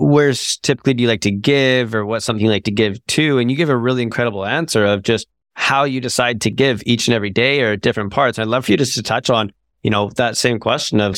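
A man's voice: medium pitch, fairly bright tone, no room sound, clean studio sound. A man hosting a podcast who asks questions in an enthusiastic, encouraging way. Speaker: podcast host. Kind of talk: casual interview chat.

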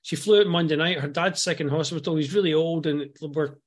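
A man's voice: on the high side, fairly even intonation, a little fast. A Scottish man in his fifties, a guest entrepreneur on a podcast, speaking earnestly and often repeating words as he starts a thought. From Scotland. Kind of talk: podcast interview.

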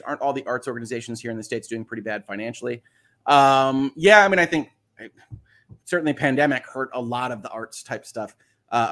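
A man's voice: mid-range voice, a bit bright. A man hosting a casual livestream, chatting in a rambling way, thinking aloud and reading viewer comments. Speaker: livestream host.

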